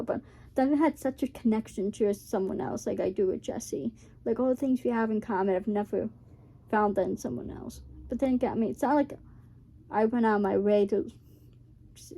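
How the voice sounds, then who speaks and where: A woman's voice: fairly high pitch, mellow. A young woman hosting a reaction video, rambling in casual chat full of fillers.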